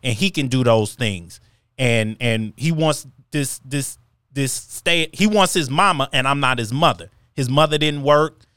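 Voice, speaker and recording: A male podcast host with a smooth, resonant, mid-pitched voice, easygoing and asking long, winding questions. The recording is dry and close. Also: a little slow, a bit bright, no room sound. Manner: easygoing, laughs along, asks long questions. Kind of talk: podcast interviewing.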